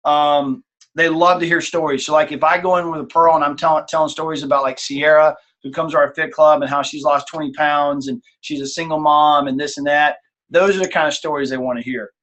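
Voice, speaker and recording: Animated man coaching a sales team. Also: fairly high pitch, fairly quick. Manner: animated, acts out examples in changing tones. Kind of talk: casual team call, coaching.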